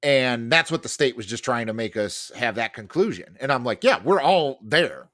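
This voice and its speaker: A man's voice: medium pitch, moderate pace, a bit bright. A man co-hosting a podcast, telling a story in casual chat, full of fillers, restarts and swearing. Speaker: podcast co-host.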